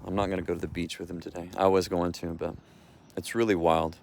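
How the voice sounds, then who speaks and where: A man's voice: deep voice, little pitch movement, fast talker, creaky, darkish tone, slight background noise. A man vlogging outdoors while walking his dog, talking in a loose, meandering way with restarts. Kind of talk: rambling walk-and-talk vlog.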